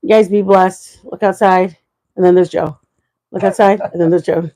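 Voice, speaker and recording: A woman's voice: lowish voice, steady tone, normal speed, warm tone, rough recording. A woman hosting a live stream, chatting frankly and animatedly with her viewers. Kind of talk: casual chat to viewers.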